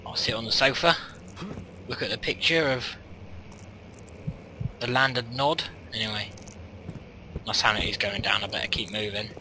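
A man's voice: lowish voice, steady tone, moderate pace, pauses often, noisy background. A young man commentating his gameplay, rambling and self-mocking, often muttering half to himself. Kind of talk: let's-play commentary. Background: game music.

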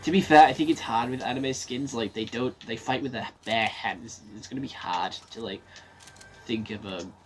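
A man's voice: mid-range voice, moderate pace, soft background music. Swearing male gamer talking to himself. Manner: swears freely, talks to himself while playing. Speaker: gaming streamer. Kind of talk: casual gameplay commentary.

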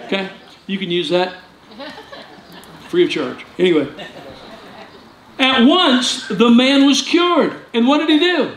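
Animated high-voiced man preaching in church. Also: measured pace, pauses often. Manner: animated, jokey preaching with sudden loud outbursts. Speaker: pastor. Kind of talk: sermon. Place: church sanctuary. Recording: echoey church room with faint ambience.

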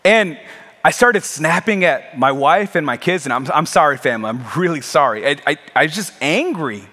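Man pastor, high-pitched, preaching with fervor and repetition, long sanctuary reverb. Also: lively intonation, normal speed, sharp tone. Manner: impassioned, conversational preaching with emphatic repetition. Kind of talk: sermon. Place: church sanctuary.

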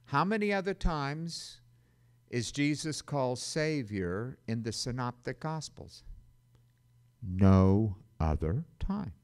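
A man preaching a sermon as a Bible teacher, dramatic and emphatic, with sudden loud bursts and conversational asides. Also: mid-range voice, unhurried, clear, resonant tone.

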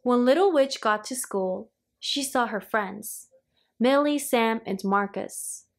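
Slow, higher-voiced woman reading a kids' story. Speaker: storybook reader. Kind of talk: children's story read-aloud.

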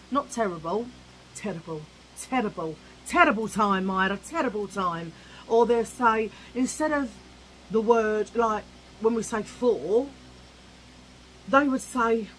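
A woman's voice: on the high side, expressive, normal speed, a bit bright, a little hiss or hum, rough recording. Cheeky ranting woman. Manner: chatty, cheeky, ranting, mimics old-fashioned voices. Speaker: vlogger. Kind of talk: casual rant to camera.

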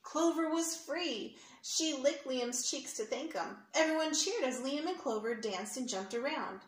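A woman's voice: high voice, moderate pace. Woman reading a picture book aloud. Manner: explains words and points at pictures for kids. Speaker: storyteller for children. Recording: echoey room, faint hiss.

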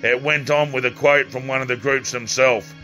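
A man's voice: medium pitch, steady tone, moderate pace, over music. A man reading his own first-person story aloud, plainly, with occasional slips and restarts.

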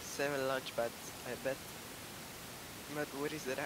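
Excitable, swearing stream co-host man. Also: medium pitch, a little slow. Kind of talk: casual livestream banter. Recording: hissy livestream audio.

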